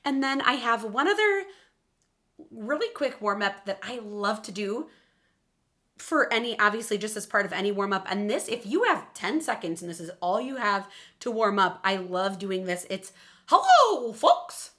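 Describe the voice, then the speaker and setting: A woman vocal coach leading a warm-up lesson at the piano, encouraging and upbeat. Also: medium pitch, expressive, moderate pace. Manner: encouraging, upbeat, talks while playing piano.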